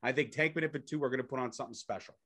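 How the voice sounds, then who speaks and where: A young man co-hosting a podcast, eagerly recapping events in a casual, hurried play-by-play chat. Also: mid-range voice, fairly bright tone. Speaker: podcast co-host.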